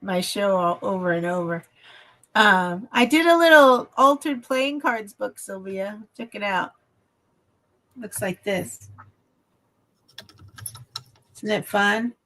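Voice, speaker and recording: A woman's voice: expressive, slow pace, pauses often, fairly bright tone, rough recording. Chatty woman hosting a craft stream. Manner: chatty, breaks into high baby talk with her dog. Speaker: craft channel host. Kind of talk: casual live-stream chat. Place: home craft room.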